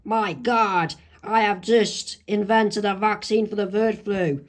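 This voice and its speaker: A man voicing an excited male cartoon professor in a fan comic reading, proud and slow. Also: high voice.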